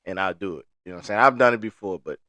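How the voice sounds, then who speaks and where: A man's voice: low voice, rapid-fire, sharp tone, no room sound. Laid-back man telling a story. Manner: loose storytelling in Southern slang. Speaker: podcast co-host. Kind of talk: casual podcast chat.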